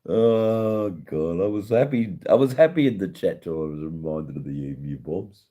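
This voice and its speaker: A middle-aged Australian man hosting a casual livestream, chatting with viewers in a halting way, full of ums and repeated words, swearing now and then. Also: deep voice, expressive, dull audio. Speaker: livestream host.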